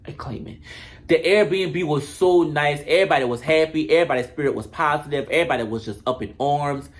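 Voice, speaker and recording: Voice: medium pitch, fairly quick. Brash, profane reality-TV recapper. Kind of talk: casual comedic recap.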